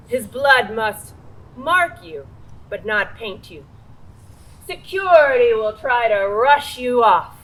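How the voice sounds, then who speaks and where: An actress in a stage play playing a cold, scheming, power-hungry mother who speaks in a slow, commanding, controlled way. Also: a little high, fairly bright tone, rough recording. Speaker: stage actor.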